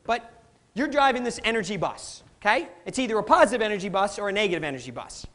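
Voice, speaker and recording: A middle-aged man giving a live motivational talk, energetic and playful, quizzing the audience and laughing often. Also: high-pitched, fast talker. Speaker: motivational speaker.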